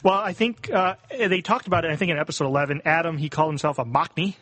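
A man's voice: fairly high pitch, fast, fairly bright tone. A man co-hosting a podcast, eagerly explaining things and trying out in casual banter. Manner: explains eagerly, tries out accents with laughs. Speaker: podcast co-host.

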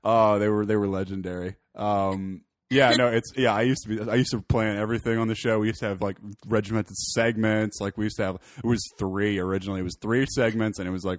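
A man's voice: on the low side, fairly even intonation, quick pace, hardly any pauses, no room sound. Young canadian guy chatting on a podcast, rambly and sweary, pretty dry sound. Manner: rambling, swearing, laughs a lot. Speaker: podcast co-host. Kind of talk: casual chat.

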